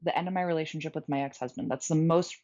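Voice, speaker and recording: A woman's voice: low-pitched, fairly even intonation, quick pace, dark tone. A woman co-hosting a podcast, speaking openly and reflectively about personal experiences and laughing easily. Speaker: podcast co-host. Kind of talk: candid podcast conversation. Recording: dull lo-fi sound.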